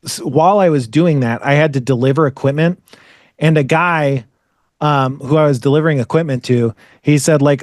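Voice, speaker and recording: A man's voice: fairly high pitch, normal speed, no room sound, clean studio sound. A man hosting a podcast, telling a story in casual chat, rambling and profane, often exasperated and full of "like" fillers. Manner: frequent "like" fillers. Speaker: podcast host.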